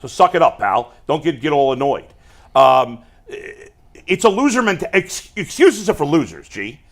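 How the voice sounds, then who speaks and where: Blunt high-voiced sports talk host. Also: male voice, sing-song, moderate pace. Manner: blunt, profane, emphatic. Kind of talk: casual sports debate.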